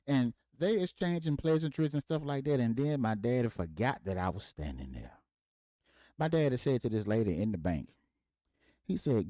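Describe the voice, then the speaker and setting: Heard with no room sound, a mid-range male voice at normal speed carries a laid-back story on his podcast. The host, from Mississippi, animatedly voices the people he quotes.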